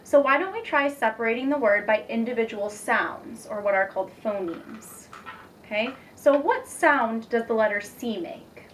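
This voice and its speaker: A young woman teacher demonstrating a reading lesson, patient and encouraging, speaking slowly and clearly. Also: a little high, expressive, a bit bright. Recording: distant mic with faint background noise.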